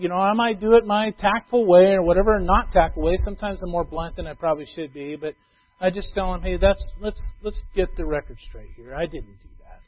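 High-voiced pastor preaching on a tinny line. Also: male voice, wildly swooping pitch, normal speed. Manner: conversational preaching, swings between loud emphasis and soft asides. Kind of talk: sermon. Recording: tinny phone-like sound.

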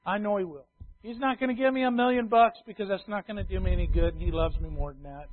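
A preacher with a high, ringing man's voice delivers a sermon, hammering home key phrases through repetition. He swings from loud declarations to quiet asides. The sound is thin and tinny, like it came over a phone line. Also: fast talker. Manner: emphatic, repeats key phrases, swings between loud and hushed.

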